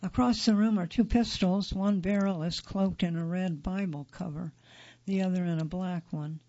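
A man reads a magazine feature aloud in a steady, neutral way. His voice sits high and carries a gravelly edge. The recording is dull and lo-fi. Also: moderate pace. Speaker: article narrator. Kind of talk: scripted narration of a magazine feature.

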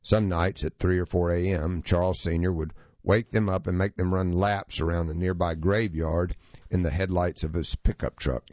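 A man reading a true story aloud as scripted narration, steady and measured. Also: deep voice, no echo, highs cut off.

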